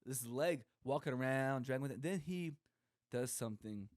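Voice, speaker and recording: A young podcast co-host gives a casual comedic monologue, rambling, joking and acting out quoted voices. His mid-range voice has lively intonation and a moderate pace, with studio-quality sound and no echo.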